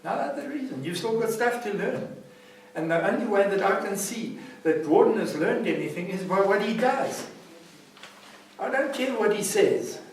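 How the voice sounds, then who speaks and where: A man's voice: high-pitched, animated, moderate pace, slight background noise. A South African man teaching a class at a recovery centre in an emphatic, preaching style, often checking that his listeners follow him. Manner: emphatic, keeps asking "see what I'm saying?". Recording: very echoey room, mic far off.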